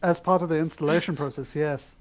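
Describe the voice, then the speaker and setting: A man co-hosting a podcast, running through news stories in a wry, opinionated, relaxed way. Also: a little high, fairly quick. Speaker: podcast co-host. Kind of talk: casual news chat.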